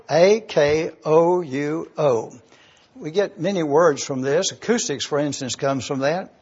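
Older man preaching, husky and high-pitched. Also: darkish tone, lo-fi sound. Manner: slow emphatic preaching with deliberate spelling out of words. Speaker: pastor. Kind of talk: sermon.

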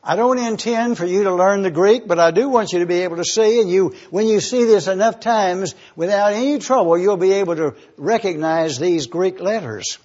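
A man teaching the Bible verse by verse, deliberate and careful, spelling out words letter by letter. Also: sits high, a little mellow, lo-fi sound.

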